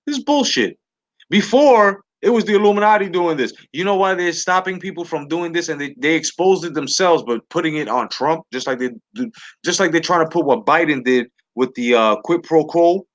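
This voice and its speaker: A man's voice: on the high side, animated, normal speed. Profane, ranting male talk host. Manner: profane, heated, repeats himself and restarts often. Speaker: livestream talk show host. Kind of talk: heated political rant to a live chat.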